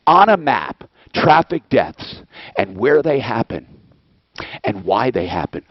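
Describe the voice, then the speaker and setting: A man's voice: mid-range voice, very animated, slow, dry recording, dull audio. A man hosting a call-in show, delivering a heated, profane rant full of blunt rhetorical questions. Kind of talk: angry political rant.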